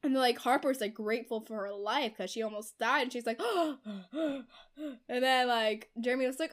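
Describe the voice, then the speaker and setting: A young woman recapping a book to a friend in easy, rambling chat, her voice sitting a little high. She scatters "like" through every sentence and slips into the characters' voices when she quotes them. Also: moderate pace. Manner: chatty, heavy use of "like" as filler; acts out characters' quoted lines. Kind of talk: casual chat retelling a novel's plot.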